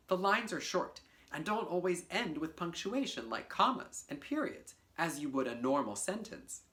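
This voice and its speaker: A woman's voice: sits low, fairly bright tone. A woman teaching artist giving a playful, encouraging poetry lesson to children, speaking directly to them. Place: home video for a virtual class.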